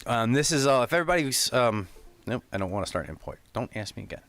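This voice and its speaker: A man's voice: medium pitch, expressive, fast talker, fairly bright tone. A man hosting a live stream, chatting casually with many fillers and apologies. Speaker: streamer commenting on a live event.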